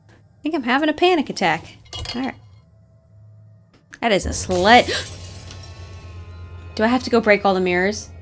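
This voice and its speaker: A woman's voice: on the high side, animated, measured pace, long pauses, soft background music. A young woman commenting on a horror game, jumpy and nervous, swearing and talking herself through scares. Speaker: gaming streamer.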